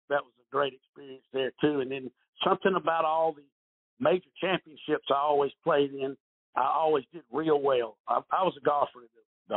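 Man, middle-aged, golf pro guest, rambling storyteller, breathy, tinny phone-like sound. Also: medium pitch. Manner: rambling, repeats words, animated storytelling. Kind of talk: casual storytelling interview. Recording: husky voice over a tinny phone-like line.

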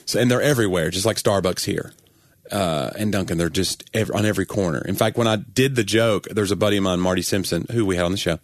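Comedian guy chatting on a podcast, low voice, dry deadpan stories, no room sound. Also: quick pace, no room sound. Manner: dry storytelling, acts out joke lines. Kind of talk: casual chat.

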